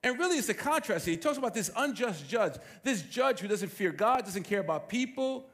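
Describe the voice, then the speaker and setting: A man preaching a sermon as pastor, emphatic and animated, with rhetorical questions. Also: high-pitched, brisk.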